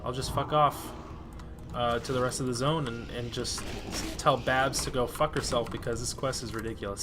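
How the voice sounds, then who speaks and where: A man's voice: medium pitch, steady tone, moderate pace, fairly bright tone, a little hiss or hum. A man chatting casually over his gameplay as a let's-play host, easily exasperated and swearing freely. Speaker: gaming video host.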